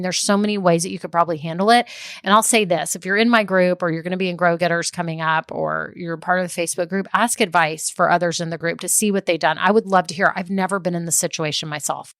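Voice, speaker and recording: A woman's voice: on the low side, fairly even intonation, quick pace, a bit bright, smooth, dry recording, studio quality. A woman, hosting a casual solo business podcast, chatty and laughing often as she goes on tangents. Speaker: podcast host and business coach.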